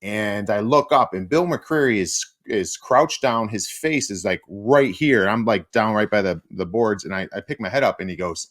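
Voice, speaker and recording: A man's voice: normal speed, hardly any pauses. A middle-aged man, a former player turned hockey analyst, telling stories as a guest in a casual interview. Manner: animated, acts out quotes with big pitch jumps.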